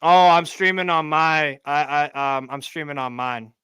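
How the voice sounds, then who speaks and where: A man with a Midwestern American Chicago accent co-hosting a live football stream, chatting in a relaxed, opinionated way. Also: a little high, unhurried, smooth, no echo. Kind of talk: casual live football chat.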